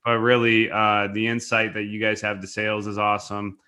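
A man's voice: on the low side, completely flat delivery, brisk, sharp tone, smooth. A man hosting a podcast, talking in an upbeat, casual way with fillers. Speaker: podcast host. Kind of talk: podcast interview.

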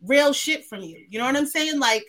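A woman co-hosting a casual interview, with a high, bright voice. She gushes over her guest and pushes the chat along. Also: expressive, normal speed. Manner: enthusiastic, hyping up the guest. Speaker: podcast co-host.

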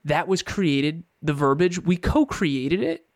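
A man's voice: on the high side, sing-song, takes it slowly, no echo, clean studio sound. A man co-hosting a podcast, explaining his views in earnest, casual chat with short repeated phrases. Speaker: podcast co-host.

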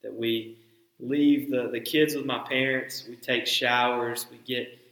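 Bright-voiced preacher in an echoey room. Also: male voice, mid-range voice, level tone, measured pace. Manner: dramatic, acts out biblical dialogue. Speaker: pastor. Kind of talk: sermon.

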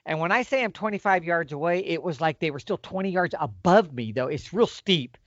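Excited guy telling a story, voice jumps all over, kinda lo-fi. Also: a little high, fairly quick, no echo. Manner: excited, acts out quoted exchanges. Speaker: podcast guest telling a hunting story. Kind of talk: animated storytelling. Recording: dull lo-fi audio.

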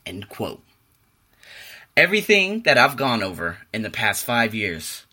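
A man's voice: mid-range voice, pushed and bright. A young adult man hosting a podcast, reading a self-help passage and then talking casually in an emphatic, motivational way. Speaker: podcast host.

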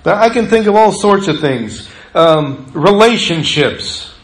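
A middle-aged man preaches a sermon in a loose, conversational way, drifting into personal stories and acting out the voices of the people in them. His voice sits a little high for a man. The sound carries the echo of a church sanctuary. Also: big pitch swings, measured pace. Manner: storytelling, conversational, acts out quoted voices. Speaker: pastor.

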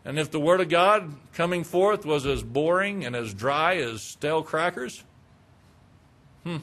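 High-voiced man preaching a sermon. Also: lively intonation, moderate pace, fairly bright tone. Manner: conversational preaching with rhetorical questions; mimics indifferent churchgoers. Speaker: pastor.

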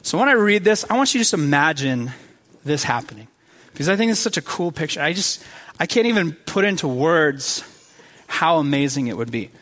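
A man with a noticeably high voice gives a relaxed, talky sermon. He speaks with eager enthusiasm, often stumbling over and repeating his words. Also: a little fast. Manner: conversational, enthusiastic, many fillers and repeats. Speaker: preacher. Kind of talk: casual sermon.

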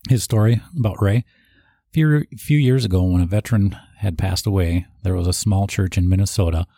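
A man's voice: lowish voice, creaky, warm tone, no room sound, studio quality. A man reading written tributes aloud, sometimes stopping to add his own asides. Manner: reads aloud, with asides and restarts. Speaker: eulogy reader.

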